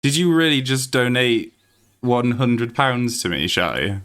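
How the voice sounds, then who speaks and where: An excitable British man laughs often and swears freely while playing a game live and talking to his viewers. He speaks in a mid-range voice and takes his time.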